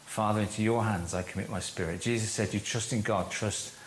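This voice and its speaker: A man leading a church course, giving a teaching talk to a group and slowing down to stress key phrases. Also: lowish voice, steady tone, a little hiss or hum. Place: room with a live audience. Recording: echoey room.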